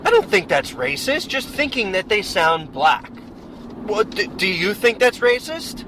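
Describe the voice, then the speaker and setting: A man's voice: high-pitched, big pitch swings, unhurried. A man co-hosting a podcast, talking casually and emphatically in a car, rambling through his opinions. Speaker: podcast co-host. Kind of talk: casual chat. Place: inside a car on the road. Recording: loud road noise in a car.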